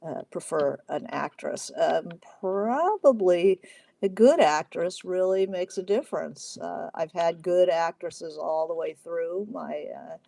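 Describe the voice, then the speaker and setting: Chatty woman with a gravelly low voice. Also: slow, mellow, no echo. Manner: chatty and digressive, many fillers. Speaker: novelist hosting a writing Q&A livestream. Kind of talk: casual livestream talk.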